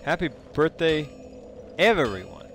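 A man streaming a game live, chatting playfully with viewers and breaking into sudden high exclamations. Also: big pitch swings, a little slow, fairly bright tone, soft background music. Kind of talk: casual live-stream chat while playing.

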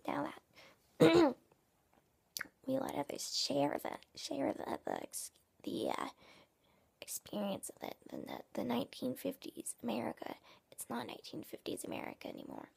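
A smug, passive-aggressive 1950s father, played by a woman rambles through a comic monologue, stopping and restarting his sentences. His voice is gravelly and husky and often drops to a half-whisper. It also sits somewhat high. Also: huge pitch swings, a little mellow, full character voice. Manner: rambling, halting, with many restarts.

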